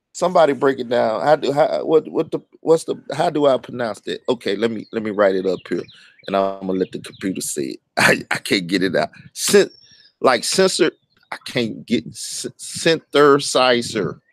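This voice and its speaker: A man's voice: medium pitch, no room sound. A man, talking bluntly and profanely in a casual monologue, often stumbling over his words. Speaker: online commentator.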